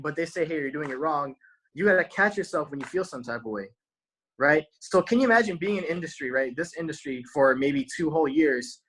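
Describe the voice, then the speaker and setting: A man's voice: a little high, a bit bright, low-quality recording. A man giving a casual motivational talk to his viewers, using slang and tagging "right?" onto almost every point. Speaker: motivational speaker.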